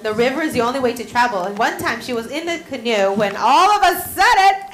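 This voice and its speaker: A woman teaching children, telling a story in a lively way and asking them questions. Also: a little high, a little fast, echoey room, rough recording. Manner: animated, asks the children questions.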